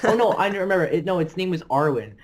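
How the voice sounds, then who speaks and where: A young man chatting on a casual podcast, tossing in jokey asides and laughing often. His voice sits fairly high for a man. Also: expressive, quick pace. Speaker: podcast co-host. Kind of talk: casual chat.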